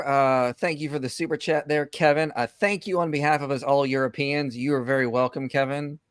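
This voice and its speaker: Animated male livestream host, dry sound. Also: medium pitch, clean tone, dry recording. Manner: animated, rushes ahead in bursts, many fillers. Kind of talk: livestream commentary and debate.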